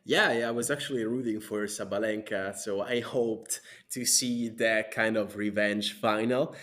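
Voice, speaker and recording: Hesitant man, low voice, casual. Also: steady tone, measured pace, fairly bright tone. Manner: hesitant, many "um"s and restarts. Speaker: podcast host. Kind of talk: casual chat.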